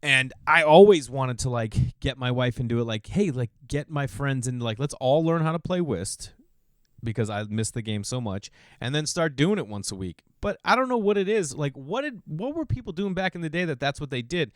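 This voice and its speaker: A man's voice: normal speed, no echo. Man, podcast host, casual rambling monologue, opinionated, dry close-miked sound. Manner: animated, opinionated, rambling with sudden pitch jumps.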